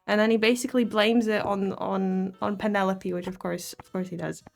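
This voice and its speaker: Woman, casual vlog chat, rambling, apologetic, mid pitch, faint music underneath. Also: steady tone, brisk, creaky. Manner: rambling, self-deprecating, often laughs. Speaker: vlogger summarizing a book.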